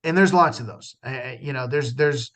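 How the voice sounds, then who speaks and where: A man's voice: medium pitch, brisk, fairly bright tone. A man, a stand-up comedian, talking earnestly in a casual conversation, with frequent restarts and fillers.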